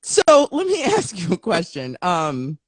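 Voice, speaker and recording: Woman host, lively up-and-down voice, teasing, dry close sound. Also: fairly low pitch, unhurried, husky, no room sound. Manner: playful, teasing, animated. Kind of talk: casual interview.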